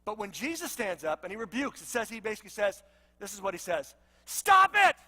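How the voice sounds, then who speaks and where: A man's voice: high voice, expressive, quick pace, fairly bright tone, big-room sound. A man preaching a sermon as pastor, in a casual storytelling way with lots of conversational asides.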